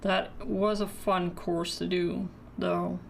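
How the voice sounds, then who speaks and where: A woman's voice: fairly low pitch, flat delivery, slow, gravelly, slight background noise. A woman chatting casually during a live painting stream, thinking aloud and answering questions from the chat.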